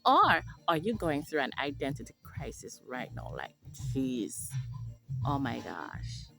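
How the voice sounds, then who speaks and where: A Jamaican woman sharing a personal testimony to camera as a motivational speaker, earnest and emphatic, stretching key words out slowly. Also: extremely low pitch, wildly swooping pitch, gravelly, a bit bright, soft background music.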